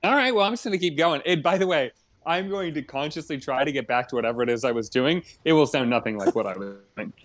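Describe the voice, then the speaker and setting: Slightly high-voiced man, rambling and jokey. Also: lively intonation, fast talker. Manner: rambling, lots of filler and restarts, jokey. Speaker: podcast co-host. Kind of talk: casual chat while gaming.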